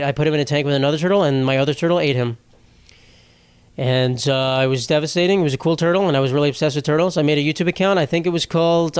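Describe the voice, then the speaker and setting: A man's voice: a little high, clean tone, no echo. A young man hosting a podcast alone, rambling through stories in a casual, profane comedic monologue. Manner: rambling, profane, self-interrupting. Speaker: podcast host.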